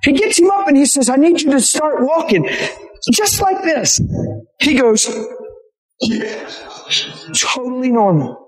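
An excitable male preacher tells stories to a live crowd, jumping into the voices of the people he describes and laughing along the way. His voice sits high for a man, and the recording rings with the echo of a large hall. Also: normal speed, long pauses. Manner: excitable, acts out quoted people, laughs often. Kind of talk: animated sermon storytelling. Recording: roomy live venue recording.

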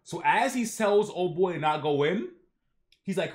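A man's voice: sits high, lively intonation, measured pace. A young man streaming a live comic reaction, talking casually with slang and reading the panels aloud.

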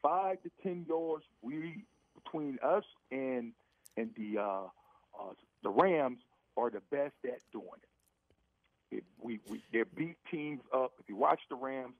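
A man's voice: medium pitch, expressive, slow pace, no echo. A middle-aged man calls in to a sports radio show and talks in an emphatic, repetitive way, restarting his phrases as he goes. His voice comes through a tinny phone line. The sound is completely dry. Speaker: former NFL receiver, radio guest. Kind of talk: casual sports radio talk.

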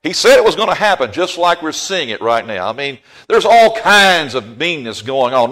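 A middle-aged man preaching a sermon in a church, folksy and joking with the congregation, rising to loud emphasis on key phrases. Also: medium pitch, lively intonation, moderate pace, hardly any pauses. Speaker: pastor. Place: church sanctuary.

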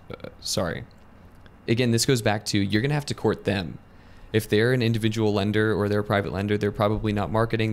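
A man with an American accent co-hosting a casual business discussion, explaining points step by step in a conversational way. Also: on the low side. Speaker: lending company co-host.

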